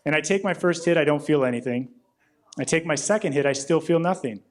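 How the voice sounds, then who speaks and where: A young man doing a stand-up comedy set in a club, telling stories deadpan and acting out the other people with quick voice shifts. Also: a little high. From Rockford, Illinois. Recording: live club recording with audience noise. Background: audience laughter.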